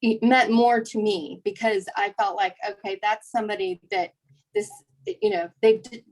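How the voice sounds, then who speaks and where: Woman agent in a class audience, even middle voice, working out her point as she speaks. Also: mid-range voice, low-quality recording. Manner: thinking aloud, halting. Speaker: real estate agent in class. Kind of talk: question from the audience.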